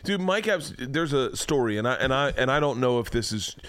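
A man's voice: mid-range voice, animated, fairly quick, a bit bright, smooth, no echo. A man hosting a podcast, chatting casually and telling stories, swearing freely and laughing as he talks. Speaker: podcast host. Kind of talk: casual chat, storytelling. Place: home man cave.

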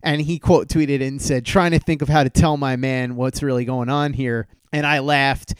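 Podcast host guy, smooth clear voice, kinda high, dry close sound, tells stories and acts out the quotes. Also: moderate pace, dry recording. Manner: animated storyteller who acts out quoted dialogue. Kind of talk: casual storytelling tribute.

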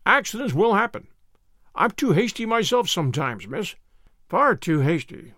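A man reading aloud and voicing a blunt, hasty old farmer who speaks his mind briskly. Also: sits high, sing-song, sharp tone, no room sound, studio quality, exaggerated voice. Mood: brisk, gruff. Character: gruff outspoken older farmer, hasty but kindly.

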